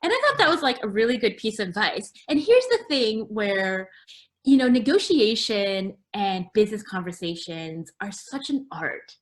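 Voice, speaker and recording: A woman founder chatting in an interview, full of fillers and restarts, acting out quoted dialogue with sudden lively jumps in pitch. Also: moderate pace. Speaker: guest, apparel brand founder. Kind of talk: casual interview chat.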